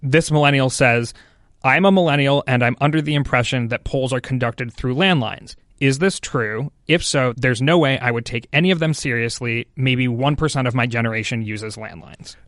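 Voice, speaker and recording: A male podcast host reading out listener questions in a casual chat, brisk and keeping things moving. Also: mid-range voice, fairly bright tone, dry recording, clean studio sound.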